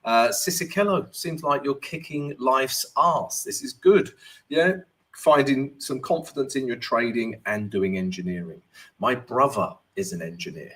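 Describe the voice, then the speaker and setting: A man's voice: mid-range voice, measured pace, fairly bright tone. A man, a forex trading coach, casually chatting on a live stream, reading out viewer comments and walking through charts as he answers them. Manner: upbeat greetings, talks while walking through charts.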